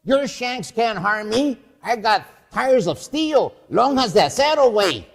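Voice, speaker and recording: A man's voice: extremely high pitch, lively intonation, vocal fry, voice pushed up, exaggerated voice. A man voicing a fat, boastful middle-aged Chicano street king modeled on Falstaff, swaggering and slinging slang in a live comic reading. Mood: blustering. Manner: bellowing, swaggering, drawn-out declamations, slangy insults. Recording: long reverb from a hall.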